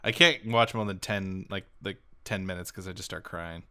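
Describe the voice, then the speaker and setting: A man co-hosting a casual podcast chat, animated and laughing often. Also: normal speed, clear, resonant tone. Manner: animated, laughs a lot, jumps to high squeaky voices for quoted reactions. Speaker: podcast co-host.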